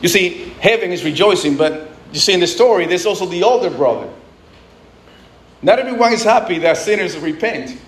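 A man with a high voice preaches in a loose, conversational way. He restarts phrases and breaks into asides. The room around him echoes. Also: lively intonation, fairly quick. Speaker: pastor. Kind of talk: sermon.

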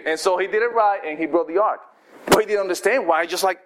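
A man preaching a sermon, telling the story lively and acting out what the people in it say. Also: extremely high pitch, quick pace. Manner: animated storytelling, acting out quoted voices.

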